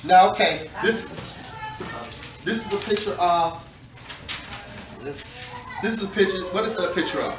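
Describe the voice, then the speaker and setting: A woman teacher leads little children through a picture book, drawing out each word and cueing them to say it back. She sounds distant in a large, reverberant room with steady background noise. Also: on the low side. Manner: slow, emphatic prompting with many repeated cues. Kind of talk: call-and-response classroom reading. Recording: echoey, distant, noisy room recording.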